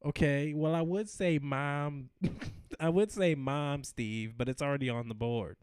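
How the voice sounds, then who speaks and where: A man's voice: on the high side, measured pace, darkish tone, smooth, no room sound, studio quality. Mock-offended male podcast co-host. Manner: mock-offended, joking banter. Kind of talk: casual chat, improvised sketch.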